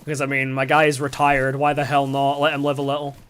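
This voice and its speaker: A man's voice: medium pitch, monotone, brisk, a bit bright, clean tone. Rambling young man, casual storytelling. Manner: rambling, filler-heavy, swears a lot. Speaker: game streamer. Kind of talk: casual storytelling while gaming.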